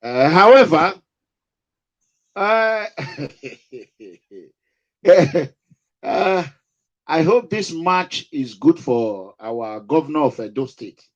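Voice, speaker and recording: A man's voice: fairly high pitch, animated, drawn-out words, pauses often, muffled recording. A man with a Nigerian accent hosting an online talk for an activist group, hesitant and full of "uh" fillers. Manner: hesitant, heavy use of "uh" fillers.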